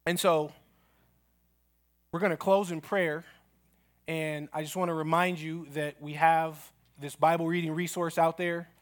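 Guy pastor preaching in church, kinda high voice, tells stories then prays. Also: flat delivery, unhurried, long pauses. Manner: storytelling with acted quotes, ends in prayer. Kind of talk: sermon.

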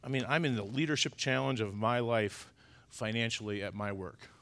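A middle-aged male pastor preaching a sermon, emphatic, swinging between loud urgent stresses and quiet confiding asides. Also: mid-range voice, moderate pace. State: choked up.

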